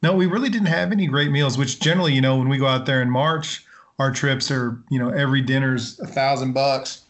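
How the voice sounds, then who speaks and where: A man's voice: medium pitch, brisk. Easygoing man in podcast chat. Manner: easygoing, laughs often. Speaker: podcast co-host. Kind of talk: casual chat.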